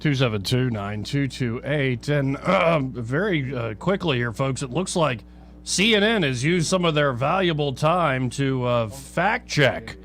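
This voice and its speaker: Wry talk-radio host, lively pitch. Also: male voice, a little slow, soft background music. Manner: wry, dry commentary.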